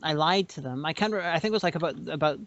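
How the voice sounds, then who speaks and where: A woman co-hosting a podcast, speaking in a halting, stammering way in casual chat. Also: deep voice. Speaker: podcast co-host. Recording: dry, dull lo-fi audio.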